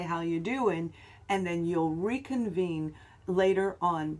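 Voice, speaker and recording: A woman's voice: fairly low pitch, a little mellow. Upbeat, encouraging woman reading tarot. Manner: upbeat, encouraging, drawn-out emphasis with some fillers. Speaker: tarot reader.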